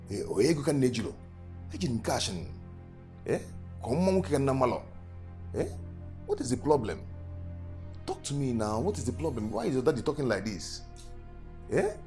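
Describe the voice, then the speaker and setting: An actor playing a proud young spare-parts trader from Anambra with a Nigerian Igbo accent, mixing English and Igbo insistently. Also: male voice, mid-range voice, natural voice. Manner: switches between English and Igbo, animated and insistent. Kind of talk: Nollywood film acting. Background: film score music.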